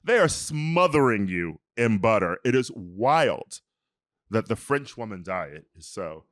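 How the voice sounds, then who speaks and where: A man's voice: on the low side, very animated, unhurried, fairly bright tone, no room sound, clean studio sound. Campy, giggly male podcast co-host. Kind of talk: casual chat.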